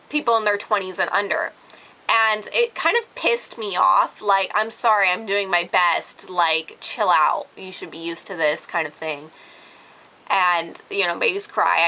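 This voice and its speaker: A young woman, nearly nineteen, vents to her camera in an exasperated, sarcastic rant. Her voice is bright and forward, and her speech is full of casual "like" fillers. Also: mid-range voice, rough recording. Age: late teens. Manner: irritated, sarcastic, heavy filler "like". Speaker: vlogger.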